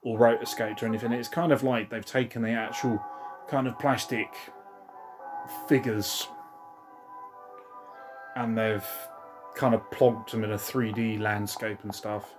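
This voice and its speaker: A man's voice: lowish voice, fairly even intonation, a little slow, long pauses, music in the background. A man, rambling and swearing casually as he comments on a film he is watching. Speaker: film reviewer.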